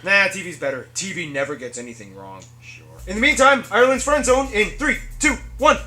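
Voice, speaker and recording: A man hosting a scripted show, bantering with a co-host in a quick, joking way. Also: sits high. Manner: quick, animated, joking delivery.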